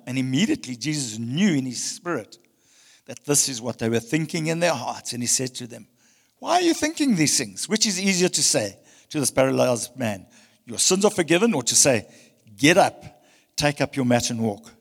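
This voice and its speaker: A male pastor preaching a passionate sermon, swinging between loud emphasis and hushed tones. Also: medium pitch, sing-song, moderate pace, vocal fry, long reverb tail. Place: church hall.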